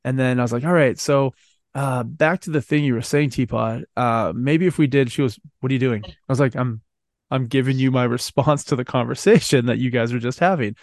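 A man's voice: mid-range voice, a little fast, no echo. Profane storytelling man, dry close sound. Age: adult. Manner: profane, storytelling, laughs often. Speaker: podcast co-host. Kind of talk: casual chat.

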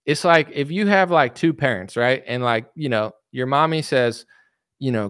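A man's voice: medium pitch, normal speed, a bit bright, clean tone, no echo, studio quality. Boastful, blunt young man ranting. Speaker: online commentary host. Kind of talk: casual livestream commentary.

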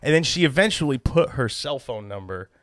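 A man's voice: medium pitch, big pitch swings, a little fast, a bit bright, no echo. Dry-sounding man telling a podcast story. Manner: profane, laughing storyteller. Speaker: podcast co-host. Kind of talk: casual podcast chat.

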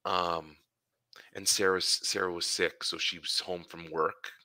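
Deep, bright-toned man telling stories. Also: steady tone, measured pace, dry recording. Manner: rambling storyteller, laughs often. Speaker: podcast co-host. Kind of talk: casual chat.

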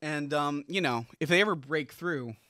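A young man riffs on absurd ideas in a bright, forceful voice pitched a little high. He stammers and restarts constantly, giggling along. The sound is close and dry, with no room in it. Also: normal speed, no echo. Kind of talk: casual comedic chat.

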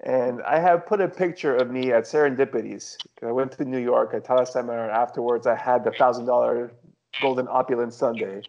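A man's voice: medium pitch, fairly even intonation, fairly quick, a little mellow. Wry man on dull lo-fi audio. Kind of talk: casual conversation.

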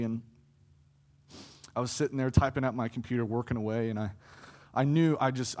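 An earnest young man preaches a personal testimony from the pulpit, his voice sitting at an ordinary middle pitch. He swells from quiet reflection into impassioned, louder pleas. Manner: earnest, building to impassioned pleas with fluctuating loudness. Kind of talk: sermon testimony.

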